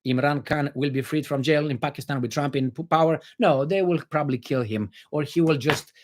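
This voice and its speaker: A man's voice: a little high, fairly quick. A man from Romania with a Romanian accent, hosting a livestream and reacting to viewer chat in a blunt, sarcastic way with some swearing. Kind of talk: casual livestream commentary.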